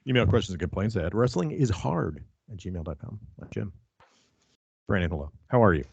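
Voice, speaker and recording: A man hosting a casual podcast chat, animated and jokey with plenty of swearing. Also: low-pitched, brisk, creaky, husky, dry recording, dull audio. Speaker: podcast host.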